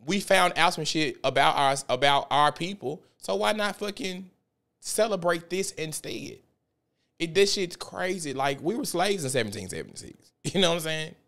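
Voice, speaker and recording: A young man from South Memphis with a Memphis Southern accent, hosting a podcast and telling stories in a loose, profane, animated way. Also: a little high, moderate pace, creaky. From South Memphis, Tennessee. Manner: profane, animated storytelling with frequent laughs. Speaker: podcast host. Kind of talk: casual podcast monologue.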